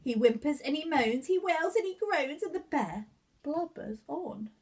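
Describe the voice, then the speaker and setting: Expressive woman reading a children's story. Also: high voice, unhurried. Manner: expressive, rhythmic sing-song reading. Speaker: nursery staff reader. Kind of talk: children's storybook read-aloud.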